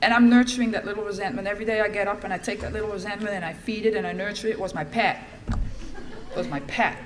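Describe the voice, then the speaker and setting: A woman's voice: medium pitch, steady tone, very fast. A middle-aged woman from the Netherlands, giving a candid, wry personal testimony as a speaker at a recovery meeting.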